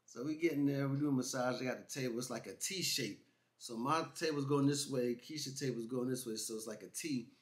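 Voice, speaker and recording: A man co-hosting a couple's vlog, telling a funny travel story in a casual, animated way and acting out what people said. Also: mid-range voice, a little fast. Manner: animated, laughing, imitates others in quotes. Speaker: vlog co-host.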